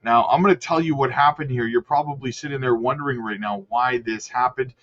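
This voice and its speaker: A man's voice: medium pitch, brisk, lo-fi sound. A man giving casual, chatty market commentary on crypto charts, upbeat and talking straight to his viewers. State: hiccups.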